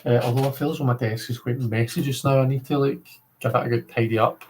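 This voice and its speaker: A Scottish man chatting casually on a livestream, his voice sitting at an ordinary middle pitch. He rambles from one thought to the next, leaning on filler words as he talks to his viewers. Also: fairly even intonation, quick pace, a little mellow, slight background noise, low-quality recording. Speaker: livestream host.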